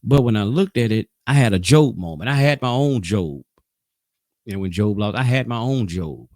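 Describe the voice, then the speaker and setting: A low-voiced man leads a casual Sabbath Bible class, his pitch rising and falling freely as he presses his points. He talks loosely, restarting sentences as he goes. The sound is close and dry, with no room around it. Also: animated, moderate pace, a little mellow, dry recording.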